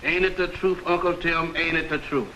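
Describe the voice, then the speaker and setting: A man's voice: on the high side, fairly even intonation, moderate pace, background noise, natural voice. An actor playing an eager, comic errand man for a bookie, speaking in drawling 1940s film comedy dialogue.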